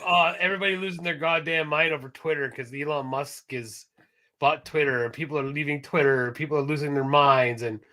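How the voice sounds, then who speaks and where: A man co-hosting a casual podcast, talking in an animated way and swearing freely. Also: fairly high pitch, fairly quick. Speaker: podcast co-host.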